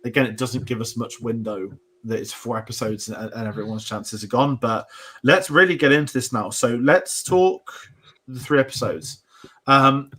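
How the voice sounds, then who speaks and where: A man's voice: mid-range voice, fairly bright tone. A young British man hosting a casual show discussion, rambling with restarts and asides. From Britain. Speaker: podcast host.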